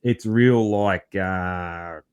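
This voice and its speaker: An Australian man hosting a podcast, talking in a relaxed, rambling way with lots of fillers and calling his guest man. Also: deep voice, very slow, clear, resonant tone. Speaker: podcast host. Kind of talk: casual interview chat.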